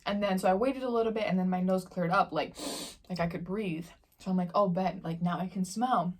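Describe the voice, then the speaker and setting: A woman's voice: lowish voice, normal speed. A young woman vlogger chatting casually in slangy storytelling while she eats on camera. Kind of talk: casual mukbang Q&A chat.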